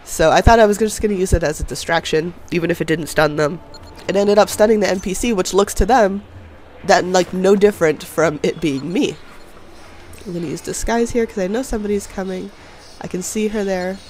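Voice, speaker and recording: A man's voice: high voice, a little fast, a little mellow. A young man with a stuffy nose from a cold, chatting casually and laughing as he narrates his own gameplay. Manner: chatty, self-deprecating, laughs often. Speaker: gameplay commentator. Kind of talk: casual voice-over game commentary. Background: faint background music.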